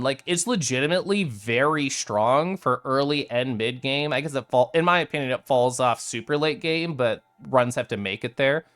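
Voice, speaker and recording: A game streamer giving chatty, excitable live gameplay commentary, often saying "like" and "um" and answering chat. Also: mid-range voice.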